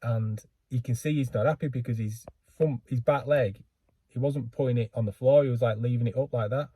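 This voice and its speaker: A man's voice: mid-range voice, brisk, mellow, slightly rough, no echo. A man telling a rambling, self-deprecating story in a casual vlog, full of fillers and restarts. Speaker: book vlogger.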